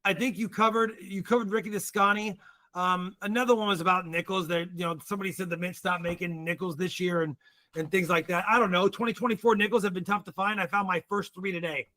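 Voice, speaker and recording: An American man, a guest on a casual livestream, telling stories in an animated way. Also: sits high, quick pace. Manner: animated storyteller.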